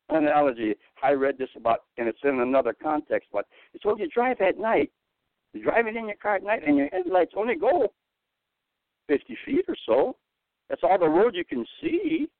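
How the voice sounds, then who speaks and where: A man giving a Dharma talk with a lively, wide-swinging delivery. The sound is tinny and narrow, like a phone line, and dry. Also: vocal fry, no room sound. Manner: animated, swings pitch widely and laughs at himself.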